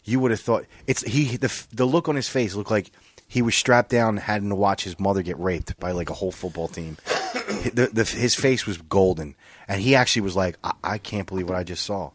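This podcast host has a lowish voice and talks a little fast. He's chatting casually, telling funny, profane stories in an animated way and acting out the things people said.

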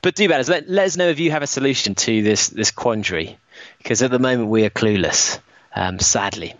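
A man's voice: mid-range voice, lively intonation, brisk, a bit bright, no room sound, highs cut off. A man, co-hosting a casual podcast with joking, playful banter. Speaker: podcast co-host. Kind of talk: casual chat.

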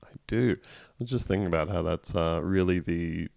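A man's voice: sits low, moderate pace, creaky, a little mellow, no echo. A man co-hosting a podcast, telling wry stories in casual comedic chat. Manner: dry, wry storytelling with laughs. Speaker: podcast co-host.

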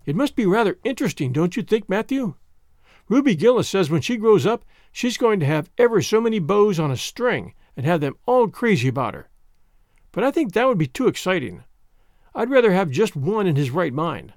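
A man's voice: high-pitched, very animated, normal speed, no room sound, clean studio sound. A man voicing a talkative, imaginative young girl who chatters earnestly and at length. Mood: eager.

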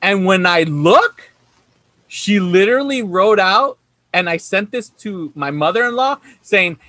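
Host, man, high bright voice, dry close sound, laughs and curses through casual storytelling. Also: lively intonation, measured pace, no room sound. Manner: laughs often, swears, rambling storyteller. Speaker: podcast host. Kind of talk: casual chat.

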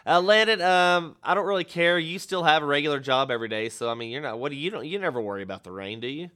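Man, podcast host, smooth resonant voice, loose rambling jokey banter. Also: a little high, expressive, fast talker, bright, forceful tone. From Texas. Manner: joking, rambling, self-interrupting.

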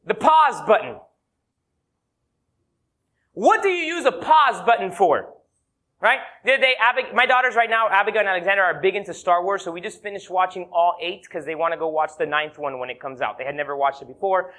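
A man preaching a sermon as a pastor, telling playful stories and slowing down hard to stress his points. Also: high-pitched. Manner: animated, playful storyteller who slows down for emphasis. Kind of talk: sermon with humorous anecdotes.

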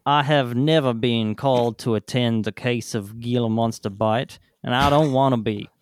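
A man's voice: mid-range voice, normal speed, no room sound, close to an everyday voice. Man doing old-time american doctor, scornful, pompous drawl, dry close sound. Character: stern 1890s male frontier doctor, scornful. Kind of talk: comedy podcast quote reading.

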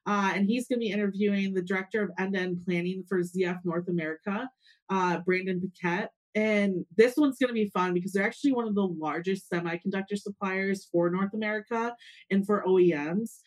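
A woman hosting a podcast, talking in an upbeat, chatty way with frequent ums and uhs. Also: medium pitch. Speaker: podcast host. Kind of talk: casual promotional chat and interviewing.

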